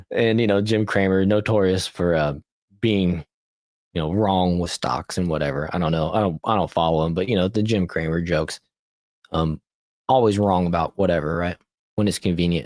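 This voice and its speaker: A low-voiced man hosts a podcast in a loose, chatty way, reading posts aloud and often laughing at them. He trips over words and starts lines over, with a dry, close sound and little room around him. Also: no room sound. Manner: laughs often, restarts and corrects his reading. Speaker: podcast host. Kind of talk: casual political commentary, reading posts aloud.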